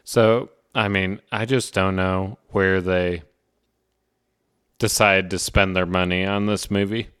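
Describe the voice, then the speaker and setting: A man with a very deep, smooth voice who talks slowly. He adds short, dry remarks to a casual podcast chat. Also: level tone, fairly bright tone. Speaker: podcast co-host.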